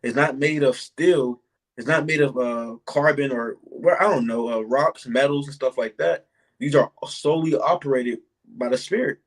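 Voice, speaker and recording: A man in an informal bible study who reads verses aloud slowly and deliberately, then explains them in casual talk. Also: mid-range voice, poor audio.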